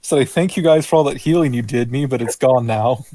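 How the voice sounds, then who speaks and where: Dark-voiced man with a dry delivery. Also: mid-range voice, fairly quick, dry recording. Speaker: tabletop game player. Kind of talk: casual game chat.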